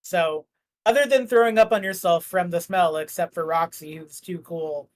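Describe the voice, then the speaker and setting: A man's voice: high voice, normal speed. A man running a tabletop game as game master, describing the scene in a loose, rambling way full of "like" and "uh". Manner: rambling, filler-heavy, jokey.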